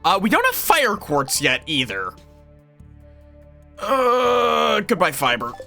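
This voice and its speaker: A man's voice: high-pitched, huge pitch swings, takes it slowly, vocal fry, pushed and bright, faint music behind. A man casually commentating his gameplay on a live stream, swearing now and then and talking to his chat.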